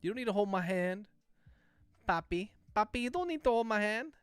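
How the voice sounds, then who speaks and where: A man acting out a tough woman detective with a lifted, mocking voice, waving off any offer of help. Her delivery is defiant and cutting, and the tone stays smooth and dry. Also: sits high, animated, fairly quick, dry recording, faint music behind, pitched above the performer's own voice.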